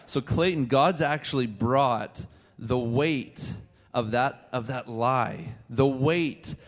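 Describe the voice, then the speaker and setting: A man ministering in church, speaking deliberately and praying a blessing over someone. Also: mid-range voice. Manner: measured, deliberate, prayerful. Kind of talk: prayer and exhortation.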